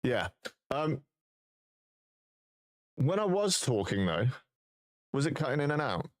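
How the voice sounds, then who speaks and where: A man's voice: mid-range voice, big pitch swings, takes it slowly. A man live-streaming, chatting casually and thinking aloud while he fixes his voice settings.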